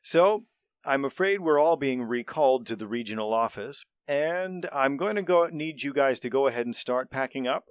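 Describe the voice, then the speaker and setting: A man's voice: medium pitch, lively intonation, normal speed, smooth, no room sound, voice pushed up, natural voice. A man voicing a male bard who poses as a pompous manager and addresses a crowd in an officious, speech-giving way, in a tabletop game. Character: male bard grandly posing as a corporate manager.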